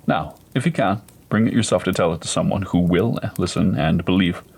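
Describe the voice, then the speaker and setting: Man voicing a soft-spoken persuasive doctor, low-pitched, husky, calm, measured, coaxing, storybook reading. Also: full character voice. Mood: gentle, coaxing. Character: gentle, persuasive middle-aged male doctor.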